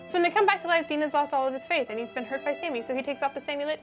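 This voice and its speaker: High-voiced sarcastic young woman narrator. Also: over music. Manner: sarcastic, slangy, fast and bouncy. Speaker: animator and narrator. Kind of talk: comedic fast recap narration.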